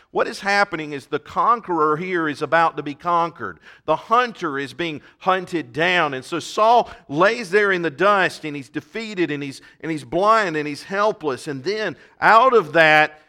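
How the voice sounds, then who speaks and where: A male preacher giving a sermon, talking emphatically, swelling loud on key points and repeating words. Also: a little high.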